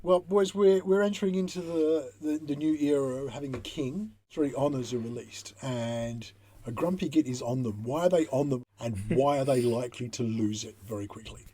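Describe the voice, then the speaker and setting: A man's voice: medium pitch, normal speed, dark tone. A married man co-hosting a podcast, telling self-mocking stories in casual chat. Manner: chatty storyteller, self-mocking. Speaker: podcast co-host.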